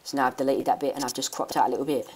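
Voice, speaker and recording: A woman giving a rambling, hesitant software tutorial with many restarts. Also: rumbling low, fairly even intonation, rapid-fire, breathy edge. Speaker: tech YouTuber. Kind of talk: screen-recording software tutorial.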